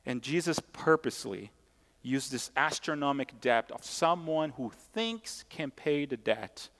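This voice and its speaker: A man's voice: medium pitch, lively intonation, a little slow, a bit bright. A man preaching a sermon as pastor, emphatic and conversational, repeating key points and tossing asides to the congregation. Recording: long hall reverb.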